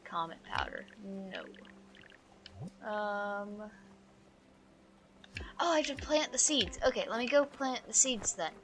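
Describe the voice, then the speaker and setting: A woman's voice: medium pitch, expressive, slow pace, pauses often, background noise. A woman streamer giving casual gameplay commentary, chatty and jokey, thinking aloud as she plays.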